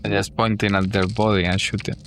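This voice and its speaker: A man's voice: lowish voice, flat delivery, quick pace, a bit bright, a little hiss or hum. A man playing a tabletop game, describing his moves plainly and matter-of-factly. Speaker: player. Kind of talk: casual tabletop play.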